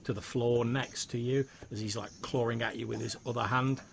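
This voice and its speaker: A man acting as game master, narrating the scene in steady, descriptive detail. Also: medium pitch, brisk, creaky, a little hiss or hum.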